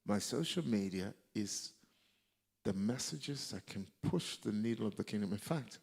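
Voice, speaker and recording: A male preacher delivering a sermon, emphatic and repeating key lines for effect, with a gravelly voice. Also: on the low side, lively intonation, a little slow, darkish tone.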